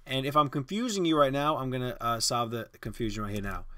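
A man hosting a software design tutorial, explaining each step casually over a screen recording. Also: mid-range voice, expressive, fast talker, no echo. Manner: casual, step-by-step instruction with fillers.

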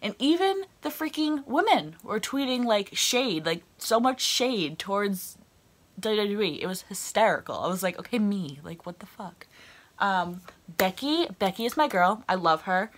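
A woman's voice: mid-range voice, lively intonation, moderate pace. Blunt, swearing woman ranting on a vlog. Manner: blunt, swears freely, heated. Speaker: wrestling fan vlogger. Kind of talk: casual vlog rant.

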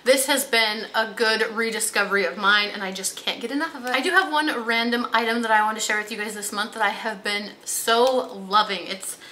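Bright, gushing young woman beauty vlogger. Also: fairly high pitch, fast, few pauses, a little hiss or hum, rough recording. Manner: upbeat, gushing, talks straight to viewers. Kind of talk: casual makeup favorites chat. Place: home room with toddler nearby.

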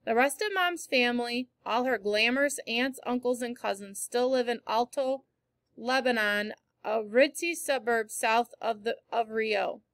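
Bright-voiced woman reading a novel aloud. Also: a little high, unhurried, dry recording. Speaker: audiobook reader. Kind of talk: first-person novel narration.

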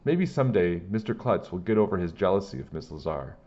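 A man reading a children's chapter book aloud with plain, steady storytelling. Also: low voice, a little fast, dull audio.

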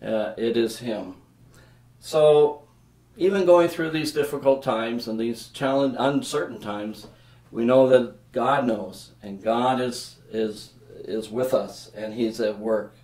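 A man from Canada preaching a sermon as a pastor, speaking in an unhurried, earnest way with some fillers and restarts. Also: mid-range voice, a little mellow. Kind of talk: sermon with scripture reading and prayer. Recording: roomy echoing church sound.

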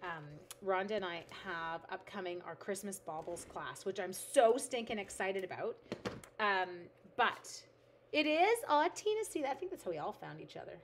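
Her medium-pitched voice swings widely in pitch at a normal speed, with slight background noise. A middle-aged woman, she livestreams herself making cards, chatting, reading out comments from viewers, and talking to her supplies.

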